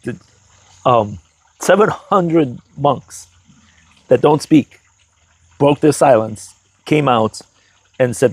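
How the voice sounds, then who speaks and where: A man co-hosting a casual current-events podcast, chiming in with animated remarks. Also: mid-range voice, slow, long pauses, breathy edge, no room sound. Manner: animated, chimes in. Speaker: podcast co-host.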